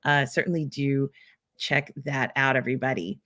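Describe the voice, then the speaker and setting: A woman's voice: rumbling low, steady tone, moderate pace, fairly bright tone. A woman hosting a casual live pop culture stream, reading out viewer comments in a rambling way with many filler ums.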